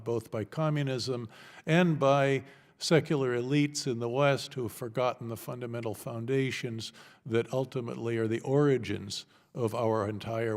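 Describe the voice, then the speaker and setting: A man testifying as an expert witness at a congressional hearing, explaining in a measured, lecturing way with pauses. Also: mid-range voice. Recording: reverberant hearing room.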